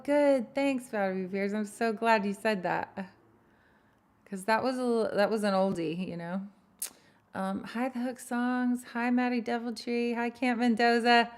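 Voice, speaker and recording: A woman singer-songwriter hosting a livestream. She chats in a rambling way, greets viewers by name and laughs at herself. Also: medium pitch. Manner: self-deprecating, laughs at herself. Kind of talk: casual livestream chat with viewers.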